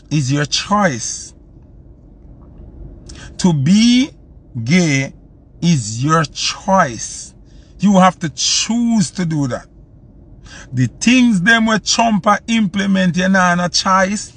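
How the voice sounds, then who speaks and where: Heated live-stream commentary comes from a Jamaican-accented host from Jamaica, who keeps repeating himself to drive his points home. His voice is high and a bit bright.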